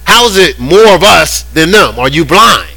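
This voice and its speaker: A panicking young male servant, exasperated and disbelieving, who pleads in casual slang with a bright, lively voice, as a preacher acts him out in a sermon. His pitch jumps around and his tone rings sharply. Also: moderate pace, gravelly, husky, no echo, full character voice, poor audio. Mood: panicked.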